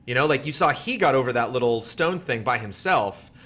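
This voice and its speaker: A man talks quickly through casual chat on a game livestream. He rambles, restarting sentences and filling them with likes. His pitch sits in the middle range. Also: lively intonation, a bit bright.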